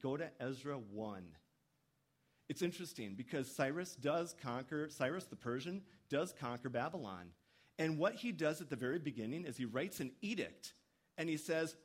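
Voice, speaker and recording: A man preaching a sermon at a medium pitch. He keeps a conversational tone, stumbles now and then, and leaps higher when he acts out the speakers in his text. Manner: animated preaching, voicing quoted speakers with sudden pitch jumps. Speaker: pastor.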